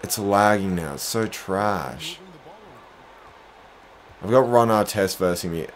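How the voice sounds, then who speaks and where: Excitable young man streaming a basketball game. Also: fairly low pitch, slow. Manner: excitable, groaning, self-deprecating, bursts into shouts. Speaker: gaming streamer. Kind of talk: live gameplay commentary.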